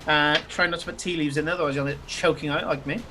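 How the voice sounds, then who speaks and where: A man narrating as game master of a tabletop game, speaking haltingly with many fillers. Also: on the high side, steady tone, pushed and bright, a little hiss or hum.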